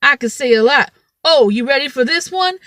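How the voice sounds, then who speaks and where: A woman voicing a loud, flamboyant young male coworker who teases and cackles. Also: high-pitched, lively intonation, normal speed, no echo, clean studio sound. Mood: teasing. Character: loud goofy young man teasing coworker.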